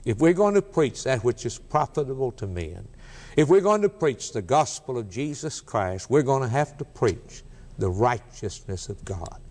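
A man's voice: medium pitch, big pitch swings, normal speed, a little mellow. Emphatic male preacher in a hall. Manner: emphatic, repetitive preaching cadence. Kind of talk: sermon. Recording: long hall reverb.

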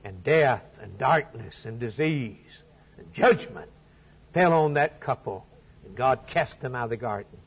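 A man preaching a sermon, telling a story and quoting scripture, swinging from loud emphatic peaks down to low, quiet phrases. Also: animated, unhurried, husky, low-quality recording.

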